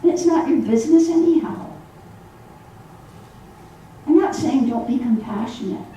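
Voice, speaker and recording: A woman minister giving a sermon to a congregation in a church hall, animated and acting out the voices she quotes. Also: sits high, unhurried, slight background noise. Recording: echoey hall, voice from far off.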